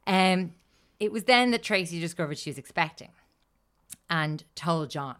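Low, smooth-voiced sweary woman storyteller. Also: expressive, moderate pace, fairly bright tone. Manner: chatty, sweary, laughs often. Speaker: podcast co-host telling a story. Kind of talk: casual chat.

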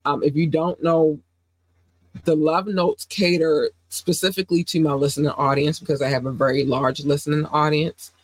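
A woman's voice: sits low, fairly even intonation, moderate pace, dry recording. A woman hosting a casual podcast while sick with a sore throat and runny nose, talking emphatically and repeating phrases for effect. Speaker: podcast host.

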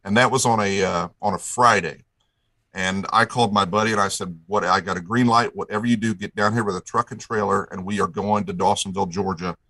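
A man's voice: fairly low pitch, steady tone, a little fast, sharp tone, no echo, low-quality recording. A man from Indiana telling a long story in a folksy, rambling way, acting out the dialogue as he goes. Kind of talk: casual storytelling.

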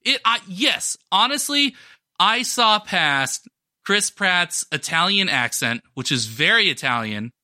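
A man's voice: a little high, sharp tone, dry recording, clean studio sound. A man cohosting a podcast, chatting enthusiastically about a movie and often restarting his sentences. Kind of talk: casual chat.

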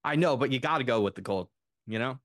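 A man in his thirties chatting on a podcast, telling a long story with enthusiastic, animated asides. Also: mid-range voice, quick pace, dry recording, studio quality. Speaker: podcast co-host. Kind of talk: casual chat.

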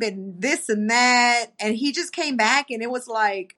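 A woman in her thirties, a podcast co-host, in casual chat, telling a story with animated quoted dialogue. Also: medium pitch, slow pace, few pauses.

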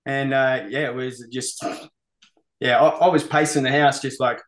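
A man's voice: mid-range voice, steady tone, moderate pace, a bit bright. A man with an Australian accent, a metal musician being interviewed, laid-back and sweary, saying "mate" often. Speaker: metal band musician, guest. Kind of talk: casual interview.

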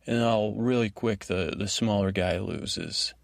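A man with a low, gravelly voice wanders through a bedtime recap, often stopping to restart his sentences. His voice is dry and close, with no room sound around it. He sounds like a host talking his listeners down toward sleep. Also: no echo. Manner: meandering, halting, with frequent restarts and fillers. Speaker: podcast host. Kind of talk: rambling bedtime recap monologue.

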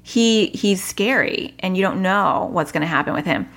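A woman's voice: lowish voice, moderate pace. A woman in her thirties casually telling a parenting story to her audience, acting out her children's lines and laughing often. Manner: animated, acts out her kids' voices, laughs often. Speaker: parenting vlogger.

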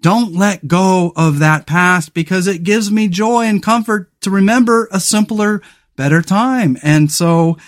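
A man's voice: high voice, unhurried. A man hosting a solo motivational podcast, talking earnestly and rambling, with frequent restarts, fillers and the odd swear word. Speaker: podcast host.

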